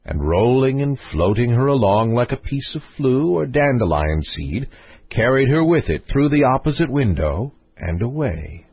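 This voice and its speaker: Man reading a fairy tale, husky. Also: mid-range voice, no room sound, muffled recording. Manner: expressive storytelling, lilting. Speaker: audiobook narrator. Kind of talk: scripted narration of a fairy tale.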